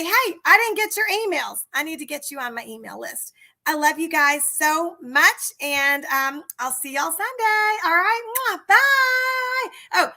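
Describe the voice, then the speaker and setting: A woman's voice: extremely high pitch, bright, forceful tone. A woman hosting a casual livestream as a sales coach, talking enthusiastically and directly to her viewers.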